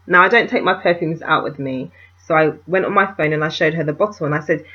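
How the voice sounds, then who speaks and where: A woman chatting to camera as a beauty vlogger, telling stories in an animated way and calling viewers darlings. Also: low-pitched, fast, few pauses. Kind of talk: casual chat to camera. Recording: dull, muffled home video sound.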